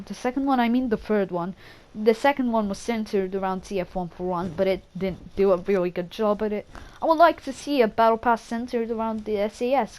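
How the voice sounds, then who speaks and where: Woman, gaming chat, rambling and excitable, fairly high voice, curses, stumbles and restarts. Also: rough recording. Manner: rambling, excitable, swears and self-corrects often. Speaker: gaming channel creator. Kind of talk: casual gaming opinion talk.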